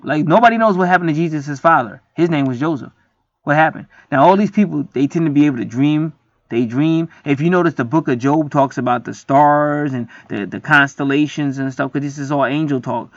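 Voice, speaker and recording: Guy ranting about angels n stuff, rambly and cussing a lot, kinda high voice, dull dry lo-fi sound. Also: dry recording. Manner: rambling, profane, preachy. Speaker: spiritual video host. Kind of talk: casual monologue to camera.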